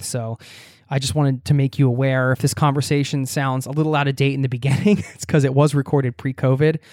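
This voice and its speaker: A man hosting a travel podcast, talking in a relaxed, chatty way and laughing easily. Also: mid-range voice, dry recording, studio quality. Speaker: podcast host. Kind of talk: casual podcast interview. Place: home in Norway.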